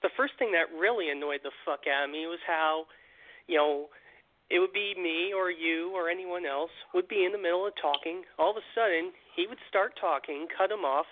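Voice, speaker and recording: A man's voice: a little high, moderate pace. A man in his twenties calling into a podcast, complaining bluntly with plenty of swearing. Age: 20s. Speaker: guest caller. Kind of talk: casual podcast chat. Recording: tinny phone-line audio.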